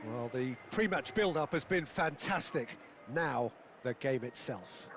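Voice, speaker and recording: A man's voice: medium pitch, animated, measured pace, music in the background. A man playing an adult male football play-by-play commentator in a video game, calling the match and rising on chances. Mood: measured. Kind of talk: scripted sports commentary. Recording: game audio with noise behind.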